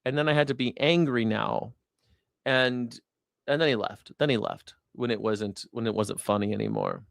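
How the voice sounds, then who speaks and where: Man, host, casual commentary, blunt, profane, mid-pitched voice, dry recording. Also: steady tone, normal speed, vocal fry, no echo.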